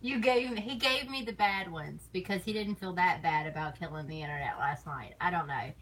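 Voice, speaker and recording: A woman's voice: fairly low pitch, a little fast, a bit bright, a little hiss or hum, poor audio. A woman streamer chatting casually on stream, rambling and teasing, laughing often between thoughts. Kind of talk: casual chat.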